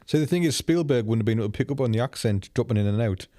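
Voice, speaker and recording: A man's voice: medium pitch, lively intonation, very fast, dark tone. A man co-hosting a movie podcast, explaining points at length in casual chat. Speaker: podcast co-host.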